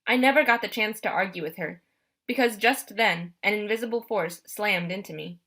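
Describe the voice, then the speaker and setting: A woman narrates a first-person adventure audiobook with a bright, clear tone. She reads briskly and expressively, with energy in the telling. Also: medium pitch.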